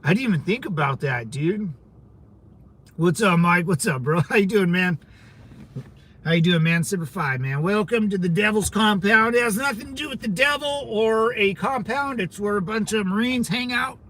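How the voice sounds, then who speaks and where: A man's voice: sits high, normal speed, fairly bright tone. A young man hosting a casual livestream, chatting with viewers in a laid-back way, laughing often and repeating his phrases. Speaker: livestream host. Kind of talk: casual livestream chat reading comments.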